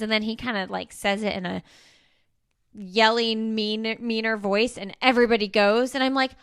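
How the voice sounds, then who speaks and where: A woman in her thirties hosting a podcast, chatting casually with plenty of fillers and getting animated when she vents. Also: on the high side, a little fast, clear, resonant tone, no echo, clean studio sound. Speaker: podcast host. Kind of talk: casual chat.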